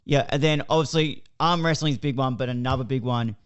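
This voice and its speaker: A man hosting a podcast, asking relaxed, loose questions. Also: medium pitch, quick pace, clear, resonant tone, muffled recording. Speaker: podcast host. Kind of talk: casual interview questions.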